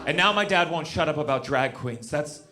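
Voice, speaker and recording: High-voiced brash male comic. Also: lively intonation, a little fast, over loud music. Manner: brash and profane, punchy rants. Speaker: stand-up comedian. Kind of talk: stand-up comedy set. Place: comedy club stage. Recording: roomy club with loud crowd noise.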